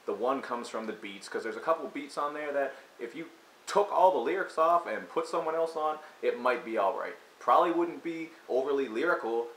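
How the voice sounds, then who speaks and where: In an echoey room with a faint hiss, a music reviewer with a medium-pitched, slightly bright voice launches into a crude comedic rant about an album. He mocks it relentlessly and keeps breaking into exaggerated impressions.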